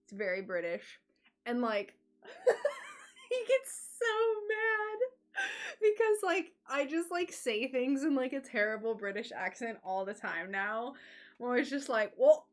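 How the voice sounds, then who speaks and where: A woman's voice: a little high, huge pitch swings, unhurried. A woman chatting casually on a livestream while crafting, thinking aloud and giggling often. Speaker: stained glass crafter streaming live.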